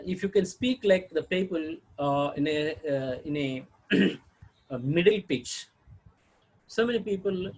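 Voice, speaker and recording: A man giving a recorded lesson, pausing often with fillers and clearing his throat. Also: on the high side, low-quality recording. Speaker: teacher. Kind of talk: recorded lecture.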